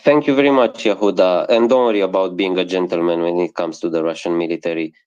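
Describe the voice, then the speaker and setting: A man's voice: sits low, steady tone, quick pace, a little mellow, clear, resonant tone, dull audio. A man in a casual live audio chat, upbeat and joking.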